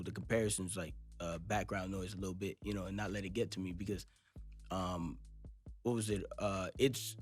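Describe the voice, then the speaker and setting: A young man from Los Angeles with a laid-back West Coast accent, talking casually in a studio interview and rambling with lots of fillers. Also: lowish voice. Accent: West Coast American. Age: young adult. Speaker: rapper guest. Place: recording studio.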